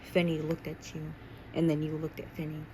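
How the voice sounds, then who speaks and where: A woman's voice: sits low, completely flat delivery, a little fast, a little mellow, a little hiss or hum, low-quality recording. A young woman casually reading her own second-person fan story aloud, stumbling and restarting now and then. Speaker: amateur reader.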